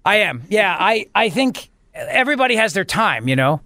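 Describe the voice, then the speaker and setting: A man's voice: high-pitched, very animated, moderate pace, sharp tone, dry recording, clean studio sound. A man hosting a radio talk show, bantering in a jokey, mock-dramatic way. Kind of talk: casual radio chat.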